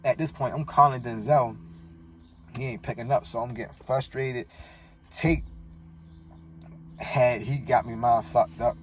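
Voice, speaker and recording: A man's voice: medium pitch, fairly even intonation, a little slow, pauses often. A man from Baltimore with a Baltimore accent, a guest telling a personal story in a slangy, emotional, rambling way. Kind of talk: personal storytelling in casual chat. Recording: distant mic with faint noise.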